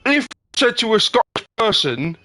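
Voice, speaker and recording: A man's voice: sits high, very animated, moderate pace, bright, forceful tone, slight background noise. A man arguing heatedly in casual chat, swearing often and tripping over his words. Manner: heated, swears freely, stumbles and repeats himself.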